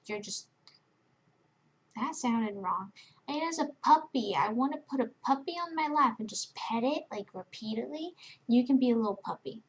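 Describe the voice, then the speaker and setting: A woman's voice: a little high, slightly rough, poor audio. A young woman rambling affectionately to friends in a casual vlog, gushing and interrupting herself with many fillers. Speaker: vlogger giving shout-outs to roleplay friends. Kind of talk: casual rambling chat to camera.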